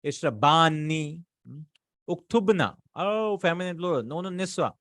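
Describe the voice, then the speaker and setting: A man's voice: on the high side, lively intonation, moderate pace, fairly bright tone, no room sound, studio quality. A man teaching Arabic grammar, working through exercises and repeating each word form aloud. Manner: patient, drills words aloud, asks and answers himself.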